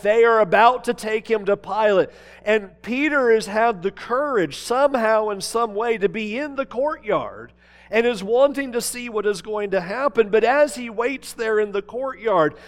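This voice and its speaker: A man with a notably high voice delivers a sermon. He tells the story dramatically, pressing some points hard and dropping to a near-hush on others. His voice carries the long reverb of a large hall. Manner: dramatic storytelling, swinging from emphatic to hushed. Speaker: preacher.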